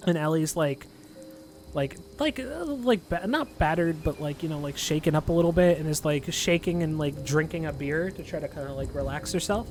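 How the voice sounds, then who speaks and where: A man's voice: fairly high pitch, moderate pace. A man narrating a tabletop game as game master, rambling with lots of fillers.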